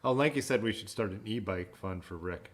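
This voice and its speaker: A man's voice: fairly low pitch, a little fast, a little hiss or hum. A man hosting a casual chat, playful, reading out viewer comments and laughing often. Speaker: livestream host.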